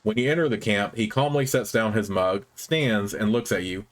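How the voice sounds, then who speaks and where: Man reading game text aloud, measured. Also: fairly low pitch. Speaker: let's play host.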